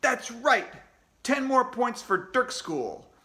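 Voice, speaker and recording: A cheerful quiz show host from a children's storybook, as a man reading aloud puts him on. He stretches out each question slowly in a raised, bright voice. His pitch rises and falls like a game show announcer's. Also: very animated, full character voice. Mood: announcing. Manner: slow, drawn-out quizmaster announcing.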